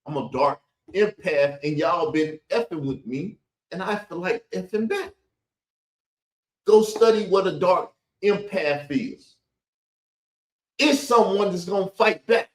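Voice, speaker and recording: High-pitched guy ranting casually, repeats himself a lot, echoey room. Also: animated, takes it slowly, long pauses. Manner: combative, colloquial, repetitive. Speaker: commentary video host. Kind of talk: rambling commentary on played clips.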